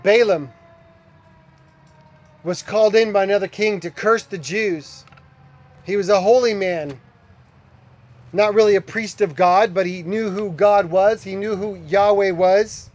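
A man preaching a sermon as a pastor, conversational, with animated storytelling. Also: high-pitched, unhurried, pauses often.

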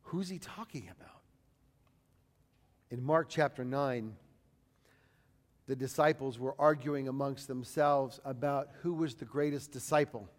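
A man's voice: medium pitch, fairly even intonation, a little slow. A man preaching a sermon, reading scripture aloud and acting out the voices of the people he quotes. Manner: acts out quoted voices, rising to loud declaiming on scripture. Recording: long hall reverb.

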